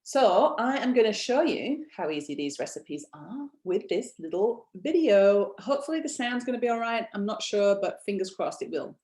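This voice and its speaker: A woman's voice: mid-range voice, lively intonation, moderate pace, hardly any pauses, darkish tone, echoey room. A woman founder presenting a casual webinar from home, chatty and encouraging, asking her audience questions.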